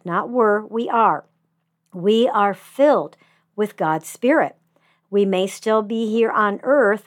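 A middle-aged woman speaks in a slow, measured devotional voice. Her pitch sits in an ordinary middle range. She lingers on words for gentle emphasis. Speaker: grief ministry speaker. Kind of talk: devotional talk.

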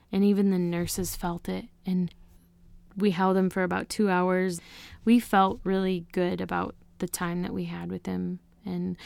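A woman speaks as an interview guest, telling a deeply personal story in an earnest, emotional way. Her voice sits low for a woman and carries a gravelly fry, and the sound is dry and close. She talks casually, with many "you know" and "like" fillers. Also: darkish tone, no room sound.

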